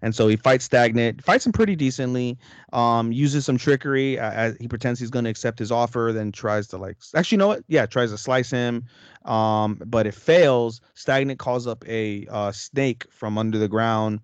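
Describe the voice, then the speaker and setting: A man's voice: mid-range voice, normal speed, clear, resonant tone, no echo. Profane rambling young man recapping anime. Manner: rambling, profane plot recap with many fillers. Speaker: podcast co-host. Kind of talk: casual anime review chat.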